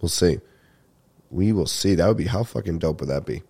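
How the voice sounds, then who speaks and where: Young male podcast host, stuffy-nosed, low mellow voice, rambling, swears a lot. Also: animated, moderate pace, gravelly, slightly rough. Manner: rambling, swearing, laughs while telling stories. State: congested, getting over a sinus infection. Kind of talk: casual comedic storytelling.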